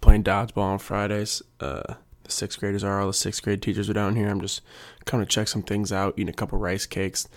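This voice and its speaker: A man's voice: fairly low pitch, monotone, brisk. A young adult man, a PE teacher, rambling in a casual, jokey monologue and working himself up. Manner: jokey, self-mocking, gets worked up.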